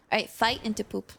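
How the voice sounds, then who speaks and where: A woman's voice: mid-range voice, vocal fry, slightly rough. A woman streamer chatting casually while playing a game, giggling often and reading messages from her chat, with a hiccup now and then. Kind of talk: casual gameplay commentary.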